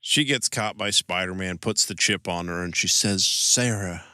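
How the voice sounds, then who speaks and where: A man on a podcast recaps a movie's plot in an animated, casual way, slipping into quick voices for the characters. His voice sits a little low but has a bright edge. The sound is dry and close. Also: clear, resonant tone, no echo. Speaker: podcast co-host. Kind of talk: casual movie review chat.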